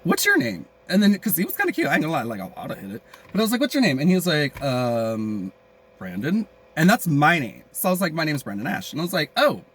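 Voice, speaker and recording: A man's voice: on the high side, very animated, fast talker, a bit bright, slightly rough. A man rambling crudely and jokingly in a casual vlog, with many fillers and asides. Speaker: vlogger.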